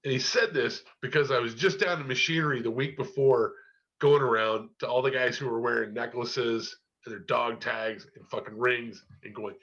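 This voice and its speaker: A man's voice: mid-range voice, normal speed, a bit bright, muffled recording. A man on a podcast telling a long story casually, cursing often and filling gaps with "you know". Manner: rambling, heavy cursing, many fillers.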